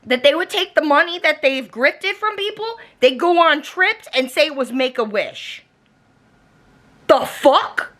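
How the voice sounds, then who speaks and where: Woman, vlogger, casual reaction chat, blunt, swearing, higher voice. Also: animated, a little slow, a bit bright. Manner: blunt, swears freely, exasperated asides. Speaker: lifestyle vlogger.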